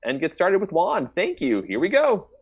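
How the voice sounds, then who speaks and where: Brief: upbeat male stream host, middle pitch, muffled call audio. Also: wildly swooping pitch, normal speed, slightly rough. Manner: upbeat, chatty, warmly addressing viewers. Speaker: improv show host. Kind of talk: live-stream show introduction.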